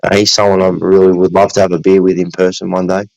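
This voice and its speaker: Low-voiced Australian man, blunt and sweary. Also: flat delivery, fast, gravelly, a little mellow, no echo, lo-fi sound. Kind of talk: casual chat.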